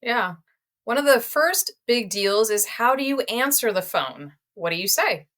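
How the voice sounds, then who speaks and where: A woman co-hosting a casual podcast for realtors, upbeat and conversational, quick to laugh. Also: a little high, animated, a bit bright.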